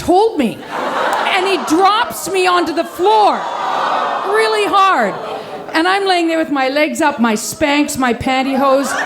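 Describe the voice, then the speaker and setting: Over some background noise, a high-voiced woman in her fifties shares a personal tale at a live storytelling show. She laughs as she lively impersonates the characters in it.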